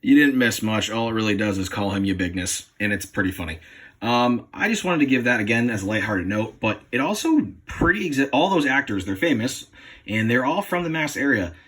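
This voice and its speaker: A man's voice: medium pitch, lively intonation, fairly quick, a bit bright. A man from New England giving a class presentation into his phone, hesitant and apologetic with many ums. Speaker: student presenter.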